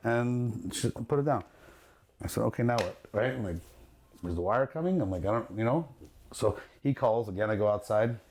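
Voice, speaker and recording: A man, a luxury jewelry dealer, telling a story in a casual podcast chat, animated and profane, acting out the quotes and laughing as he goes. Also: medium pitch, normal speed, slight background noise. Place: his jewelry store.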